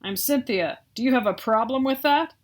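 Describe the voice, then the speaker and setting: A woman's voice: fairly high pitch, moderate pace, voice pushed up, close to an everyday voice. Cynthia, a woman doing a snippy girl monster. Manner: curt and haughty.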